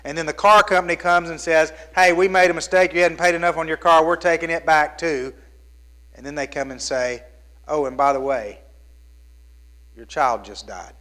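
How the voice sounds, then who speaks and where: Male preacher, high-pitched voice, hushed-to-emphatic storytelling sermon, faint mains hum under it. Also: moderate pace. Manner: storytelling, shifts between hushed and emphatic delivery. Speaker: pastor.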